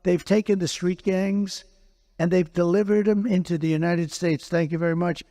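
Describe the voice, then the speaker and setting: High-voiced, emphatic male politician. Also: fairly even intonation, normal speed, dark tone. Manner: emphatic and repetitive, circles back to phrases. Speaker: politician being interviewed. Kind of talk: unscripted interview conversation.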